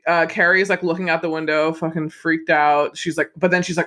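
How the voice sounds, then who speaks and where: A man's voice: on the high side, moderate pace, fairly bright tone. A man co-hosting a podcast, reviewing a film in loose, casual chat, swearing freely and acting out scenes. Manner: loose and chatty, swears freely, acts out quotes. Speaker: podcast co-host.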